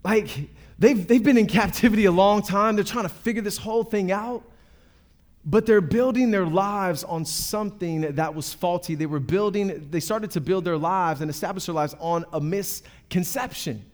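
A pastor preaching a sermon in a fairly high male voice. He speaks emphatically, repeating key words and calling out questions to the congregation between points. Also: moderate pace.

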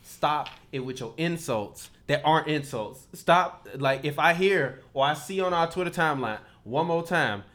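A man co-hosting a casual sports podcast, ranting in an animated, slangy way. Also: a little high, normal speed, hardly any pauses. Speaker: podcast co-host.

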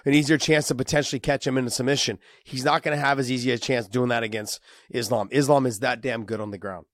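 A man talks through fight matchups in a casual, emphatic ramble, his voice raspy from a cold. His pitch sits in a middling range. The sound is close and dry, with no room in it. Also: fairly even intonation, quick pace, dry recording. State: has a cold, raspy voice and coughing. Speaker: co-host, fighter analyst. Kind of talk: casual fight breakdown chat.

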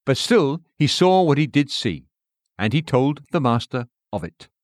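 A man reading a sermon aloud in a measured, earnest way, full of rhetorical questions. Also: mid-range voice, sing-song, no echo, studio quality. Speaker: preacher.

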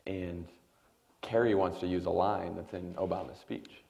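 A man in his thirties, a guest at a forum, telling a long anecdote in a lively way and acting out the other people. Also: deep voice, a little fast, creaky. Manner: animated anecdotal storytelling with quoted voices. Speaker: guest, former speechwriter. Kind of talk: storytelling in a forum conversation. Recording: dull lo-fi sound.

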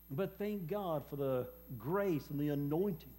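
A man preaching a personal testimony sermon, speaking haltingly with many fillers and repeated words. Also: a little high, animated, dark tone. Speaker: preacher and former hospice chaplain.

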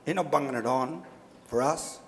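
A man with an Australian accent and a medium-pitched voice speaks at a moderate pace, bluntly and emphatically, telling stories with dry humor on a panel at a public forum. The discussion takes place in a reverberant lecture hall, with a little hiss or hum in the recording.

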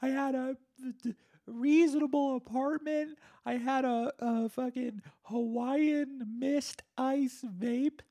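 A man voicing a despairing, regretful version of his future self in a whiny, squeaky outburst. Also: fairly even intonation, takes it slowly, mellow, heavily acted. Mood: whining despair.

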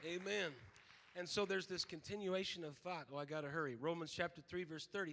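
A man preaching a sermon, shifting between shouted exhortation and quiet scripture reading. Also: a little high, fairly even intonation, fairly quick, gravelly.

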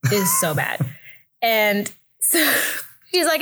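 Animated young woman telling a story. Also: very slow, long pauses. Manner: animated, acts out voices with big pitch jumps, laughs often. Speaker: guest telling a birth story. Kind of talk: casual storytelling chat.

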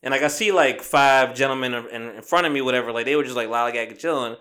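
Podcast guy, smooth clear voice, rambling story with lots of fillers and cussing. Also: mid-range voice, pushed and bright. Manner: says he talks fast. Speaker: podcast host. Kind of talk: casual chat.

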